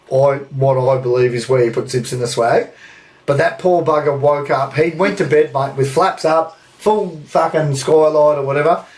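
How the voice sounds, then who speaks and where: Brief: Australian bloke, podcast host, fairly high voice, laughs and swears through his yarns. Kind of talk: casual storytelling chat. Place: indoor room, recorded live.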